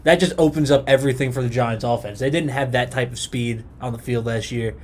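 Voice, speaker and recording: A young man talking through his picks in loose, easygoing sports chat. He jokes around with his co-host and keeps the banter animated, at a middling pitch for a man. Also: brisk, a little hiss or hum. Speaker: podcast co-host.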